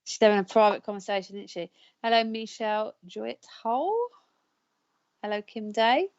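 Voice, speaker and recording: A woman's voice: mid-range voice, steady tone, normal speed, a little mellow, muffled recording. A woman hosting a live psychic counselling show, chatting casually, laughing often and stumbling over names. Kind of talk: casual live-stream chat.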